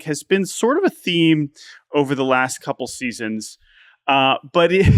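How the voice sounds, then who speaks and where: A man co-hosting a sports podcast in casual chat, animated and laughing often, restarting his words as he thinks. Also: mid-range voice, smooth, no room sound, clean studio sound. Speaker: podcast co-host.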